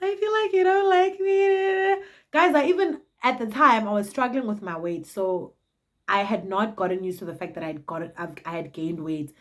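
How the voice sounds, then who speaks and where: A South African woman in her twenties, telling a casual storytime in an animated, dramatic and cheeky way. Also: medium pitch, normal speed. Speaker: vlogger.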